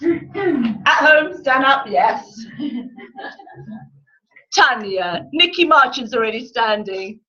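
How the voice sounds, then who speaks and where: A woman leading a sales team training session, lively and laughing, getting the room to chant together. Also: sits high, extremely slow, pauses often. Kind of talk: motivational talk to a room. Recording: distant echoey room mic, dull.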